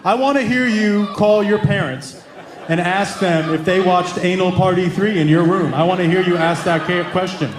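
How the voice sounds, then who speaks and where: A man doing a deadpan smug teenage son. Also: high-pitched, moderate pace, noisy background, voice pushed down, natural voice. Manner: flat, unbothered, dry comebacks. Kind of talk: stand-up acted quote. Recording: roomy club with crowd laughter.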